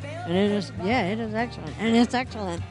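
A woman's voice: medium pitch, fairly quick, over music. A woman guest chatting in a bubbly, giggly way at a live event.

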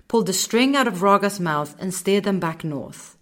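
A woman narrating a children's story in a gentle, measured way. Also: fairly low pitch, lively intonation.

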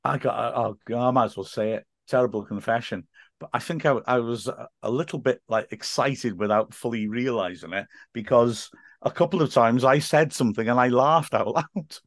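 A man's voice: medium pitch, normal speed, no room sound, studio quality. A man, a football commentator chatting as a podcast guest and telling stories with many restarts. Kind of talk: casual podcast chat.

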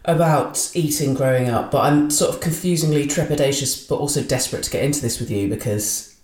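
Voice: mid-range voice, fairly quick, a little mellow. An interviewer asking questions in a conversational way, attentive, with brief reactions. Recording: echoey room.

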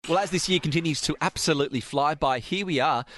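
A man's voice: a little high, fast, a bit bright, faint music behind. A man hosting a radio talk show, chatty and jokey in a studio. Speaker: radio host.

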